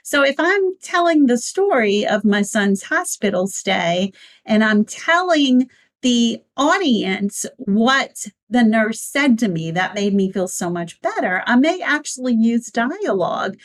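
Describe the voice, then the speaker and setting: Woman coaching on public speaking. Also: measured pace. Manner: clear, emphatic, with lively shifts in pitch. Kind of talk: instructional talk on speechwriting.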